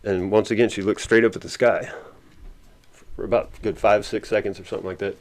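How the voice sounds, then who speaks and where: A man's voice: fairly low pitch, flat delivery, quick pace. A man telling a story as an interview guest, rambling and laughing often. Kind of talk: casual storytelling.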